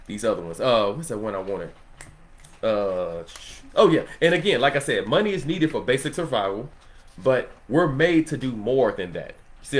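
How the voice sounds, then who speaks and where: Laid-back man teaching the Bible. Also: medium pitch. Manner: loose and conversational, laughs often, asks "you know what I'm saying?".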